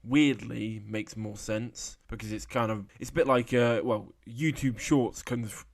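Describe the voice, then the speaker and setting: A man's voice: mid-range voice, fairly even intonation, unhurried, vocal fry, no room sound, studio quality. A man co-hosting a podcast, chatty, often stammering and restarting sentences. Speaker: podcast co-host. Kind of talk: casual chat.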